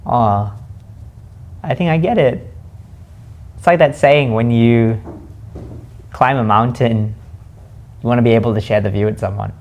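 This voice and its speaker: A man hosting a reflective spoken monologue, slowly musing and asking himself questions aloud. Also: medium pitch, a little mellow. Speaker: host.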